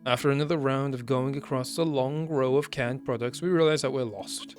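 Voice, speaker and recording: A man's voice: mid-range voice, fairly even intonation, brisk, soft background music. A man reading a story game's text aloud, stumbling over words and breaking off to comment.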